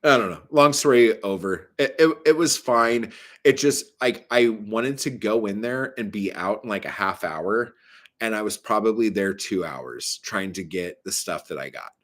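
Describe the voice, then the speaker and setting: A man's voice: lowish voice, animated, normal speed, a bit bright. A man casually telling a story in a vlog, swearing often and rambling with many fillers and asides. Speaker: vlogger.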